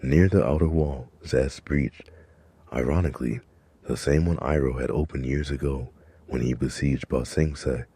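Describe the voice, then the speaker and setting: A man giving scripted, measured narration of a dramatic story. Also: extremely low pitch, steady tone, dark tone, slightly rough, dry recording.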